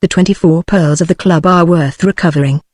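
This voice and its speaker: A synthetic text-to-speech voice reading a classic novel aloud as an audiobook, in an even, mechanical delivery. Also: medium pitch, a little fast, dry recording. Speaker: audiobook narrator.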